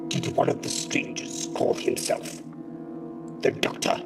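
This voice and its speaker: A man voicing a scheming villainous professor in a fan-made action figure drama, giving sinister hissed commands, heard from a distance over loud music. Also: a little slow, natural voice. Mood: menacing.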